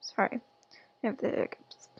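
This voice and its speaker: A woman's voice: moderate pace, lo-fi sound. A woman who runs a gaming channel, giving casual commentary over gameplay in a chatty, rambling way with lots of fillers and some sassy asides to her game character. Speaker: gaming YouTuber.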